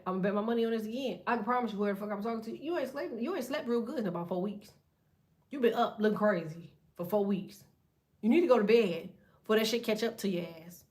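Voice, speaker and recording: A woman's voice: fairly high pitch, a little mellow. A woman giving a casual tarot reading, talking bluntly with heavy profanity and a preachy edge. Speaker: tarot reader.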